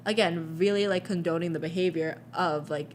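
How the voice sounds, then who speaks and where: A woman's voice: on the low side, fairly even intonation, normal speed, slight background noise. A young woman co-hosting a podcast, telling stories in a rambling way with many fillers and restarts. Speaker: podcast co-host. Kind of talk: casual chat.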